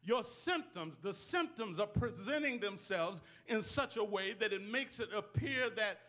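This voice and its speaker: A male pastor preaching in a call-and-response style, dropping amens and putting rhetorical questions to the congregation. His voice is strikingly high and bright, with a forceful ring. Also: animated, unhurried. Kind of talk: sermon.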